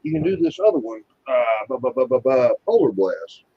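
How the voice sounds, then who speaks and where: A man's voice: mid-range voice, sing-song, brisk, husky, dry recording. A man in casual chat, rambling and swearing constantly as he tells stories. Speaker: guest being interviewed. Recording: dull, dry lo-fi sound.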